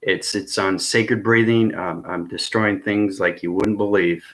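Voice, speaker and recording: A man's voice: low-pitched, steady tone, measured pace, fairly bright tone. A man vlogging in a rambling, intense monologue, often checking in with his viewers by asking "okay?" and "right?". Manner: intense and earnest. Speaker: spiritual vlogger.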